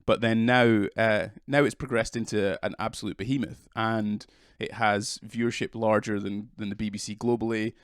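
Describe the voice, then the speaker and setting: A man's voice: on the low side, fairly even intonation, moderate pace, few pauses, clean tone, no echo, clean studio sound. British man with a cold, hesitant. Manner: hesitant, restarts often, self-deprecating. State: has a cold. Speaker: interview guest, videographer. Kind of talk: casual podcast interview.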